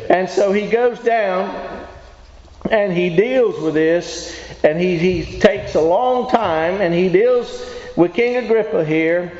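A man's voice: high voice, takes it slowly, a little mellow. A man preaching a sermon to a congregation, folksy and emphatic, often asking them questions. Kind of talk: sermon with call-and-response. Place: church hall. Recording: echoey hall, dull lo-fi sound.

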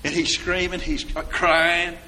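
A man's voice: medium pitch, normal speed, bright, forceful tone, slight background noise. Folksy older preacher man. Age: 60s. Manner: rambling folksy anecdotes, down-home grammar. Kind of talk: folksy storytelling sermon.

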